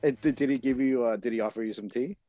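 A man's voice: mid-range voice, quick pace, dark tone, no room sound. Crude, joking male podcast co-host. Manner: joking, crude quips and short replies. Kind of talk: casual chat.

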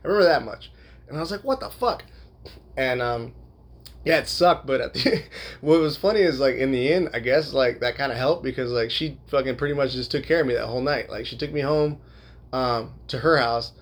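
A man's voice: mid-range voice, brisk. A young man casually telling a long personal story, rambling with lots of fillers and frequent swearing. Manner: laughs while telling.

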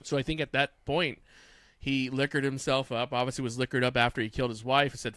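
A man talks bluntly in a relaxed group conversation, pressing his argument and swearing often. His voice is recorded dry and close, with no room sound around it. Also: medium pitch, a little fast, no room sound. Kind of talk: casual profane group discussion.

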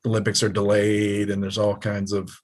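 A man's voice: on the low side, completely flat delivery, normal speed. A man co-hosting a podcast, rambling in a laid-back way and swearing casually. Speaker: podcast co-host. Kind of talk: casual chat.

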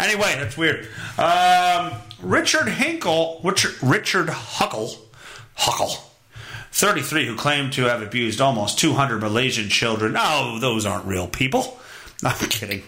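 A man hosting a solo podcast, reading headlines with crude, profane sarcasm. His voice is bright and gravelly with a lively pitch. The sound is roomy and echoey. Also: brisk. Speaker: podcast host. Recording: echoey room.

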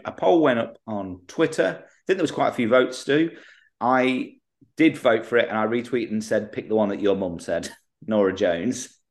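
Male co-host, animated lively intonation, casual and bouncy. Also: on the low side. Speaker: podcast co-host. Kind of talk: casual podcast chat.

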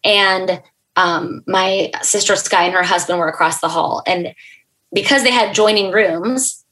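A young adult woman, a podcast guest, telling an emotional personal story in an earnest, halting way, with fillers and restarts. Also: medium pitch, pushed and bright, low-quality recording.

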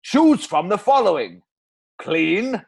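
A man doing a booming Welsh crooner spoof. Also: big pitch swings, slow pace, vocal fry, darkish tone, slightly rough, full character voice. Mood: hammy. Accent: Welsh, put on. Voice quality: exaggerated, booming showman delivery. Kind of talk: comedy spoof advert.

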